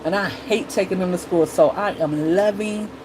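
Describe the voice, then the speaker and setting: A woman's voice: on the low side, moderate pace, background noise. A middle-aged woman talking casually to her viewers as a mom vlogger, chatty and blunt, acting out her kids and herself.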